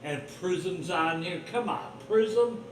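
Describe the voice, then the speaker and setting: Guy on his stream going on about conspiracies, kinda high voice, mic far off, roomy room, faint hum behind. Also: slow pace. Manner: conspiratorial, blunt and profane. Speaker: livestream host. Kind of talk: rambling solo livestream monologue.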